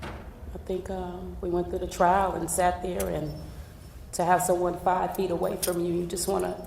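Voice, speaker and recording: A woman on stage as a coaching participant, answering in halting, hesitant phrases. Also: lowish voice, level tone, gravelly, dark tone, far from the mic. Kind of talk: emotional on-stage coaching exchange. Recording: echoey hall with faint noise.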